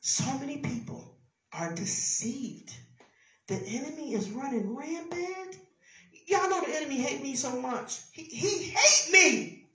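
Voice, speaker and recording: A woman pastor preaching a sermon fervently in a conversational tone that rises to forceful declarations. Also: high-pitched, expressive, unhurried. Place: church. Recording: echoey church from far off.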